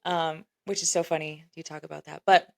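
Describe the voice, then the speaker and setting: Casting: woman, 40s, podcast co-host, playful teasing banter, quick to laugh. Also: low-pitched, steady tone, creaky. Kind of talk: casual chat.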